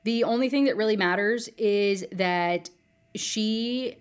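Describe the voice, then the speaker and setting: A woman's voice: mid-range voice, slow pace, clear, resonant tone. A woman giving a casual, sarcastic book recap, full of fillers. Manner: chatty, filler-heavy, sarcastic. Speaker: book reviewer.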